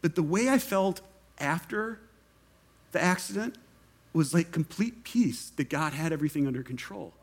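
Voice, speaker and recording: Young male pastor, slightly high voice, lively storytelling from the pulpit. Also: moderate pace. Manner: animated storytelling, acts out quoted voices. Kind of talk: sermon testimony.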